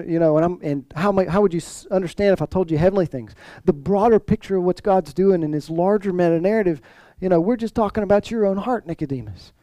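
A man's voice: fairly high pitch, warm tone, no room sound, poor audio. A male pastor preaching a sermon in a conversational way, full of restarts and rhetorical questions.

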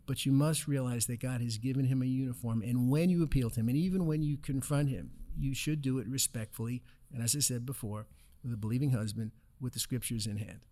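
A man's voice: medium pitch, darkish tone. A man teaching from scripture in a casual discussion, earnest and explanatory, telling stories to make his point.

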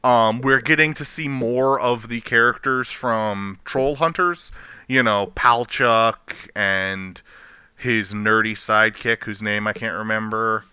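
A man chatting casually on a podcast, rambling and animated, laughing often. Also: fairly low pitch, takes it slowly, smooth, no room sound, lo-fi sound. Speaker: podcast co-host. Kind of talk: casual chat.

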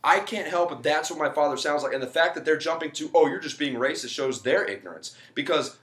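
Podcast host guy, bright sharp voice, echoey room. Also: fairly high pitch, animated, fairly quick. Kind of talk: casual podcast chat. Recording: roomy echo.

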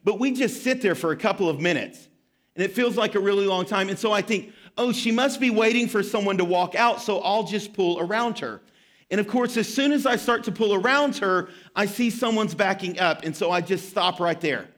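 A pastor in his thirties delivers a sermon with a high-pitched voice. He tells stories in an animated, self-deprecating way before turning to scripture. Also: fairly quick.

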